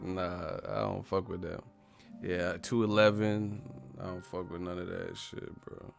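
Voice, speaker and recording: A man's voice: low voice, level tone, a little slow, gravelly, faint music behind. A man in his thirties, hosting a live stream, chats loosely and profanely, rambling and laughing as he reacts to viewer comments. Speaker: boxing stream host. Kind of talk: casual live-stream chat reading comments.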